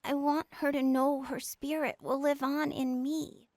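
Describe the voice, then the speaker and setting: A woman's voice: high-pitched, level tone, unhurried, darkish tone, dry recording, studio quality. An earnest young girl. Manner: earnest, then firm and commanding. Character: earnest, dutiful eleven-year-old girl. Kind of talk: game voice acting.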